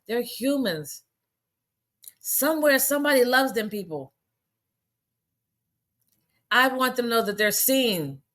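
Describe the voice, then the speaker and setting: A woman's voice: a little high, sharp tone. A woman delivering an angry, profane rant on a livestream, firing off rhetorical questions. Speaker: commentator. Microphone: phone.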